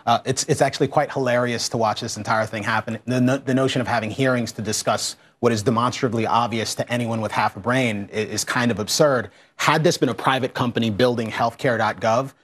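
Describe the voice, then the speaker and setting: A man's voice: mid-range voice, fairly even intonation, brisk, few pauses, a bit bright, breathy edge. A man co-hosting a TV panel show, wry and pressing his point with many restarts. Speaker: co-host. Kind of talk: TV panel debate.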